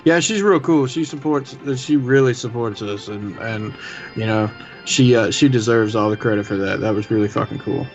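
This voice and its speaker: A man's voice: fairly low pitch, moderate pace, lo-fi sound, soft background music. A man co-hosting a podcast, chatting casually with laid-back, crude jokes. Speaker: podcast co-host.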